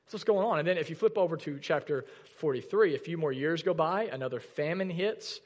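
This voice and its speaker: A man's voice: fairly high pitch, fairly quick, in a large hall. A male pastor preaching a sermon in a church, reading scripture aloud and asking the congregation questions in a conversational way. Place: church sanctuary.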